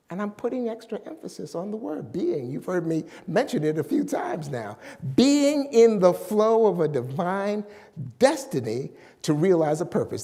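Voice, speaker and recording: Slow, emphatic preacher in a reverberant hall. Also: male voice, sits high, dark tone. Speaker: pastor. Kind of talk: sermon.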